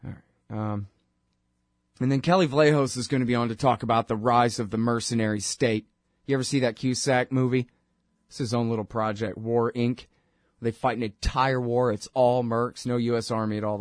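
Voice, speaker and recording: A man's voice: medium pitch, fairly even intonation, normal speed, dry recording, clean studio sound. A man hosting his own talk show, delivering a sarcastic, ranting political monologue full of mocking asides. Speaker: radio show host.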